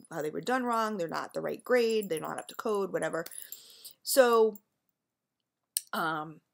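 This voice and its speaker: A woman's voice: lowish voice, gravelly. Woman vlogger, casual storytelling to camera, rambling and chatty, filler-heavy.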